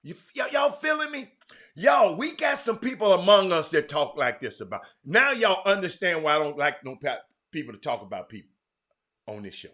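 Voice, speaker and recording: A man hosting a sports talk show, speaking emphatically, swinging between loud outbursts and low asides. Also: very animated, brisk. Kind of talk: animated sports talk commentary.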